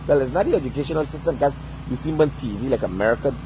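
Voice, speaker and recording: A man's voice: mid-range voice, lively intonation, racing, noisy background. A man delivering a heated, profane rant, swearing constantly and asking "you understand?" over and over. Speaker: vlogger.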